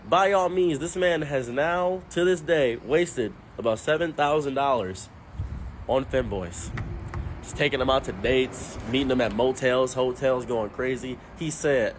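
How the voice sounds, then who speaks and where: A man telling a funny story about his grandfather, acting out the quotes with lively shifts in voice. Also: medium pitch, measured pace, a little hiss or hum. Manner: animated, puts on voices for quotes. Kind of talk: comedic storytelling.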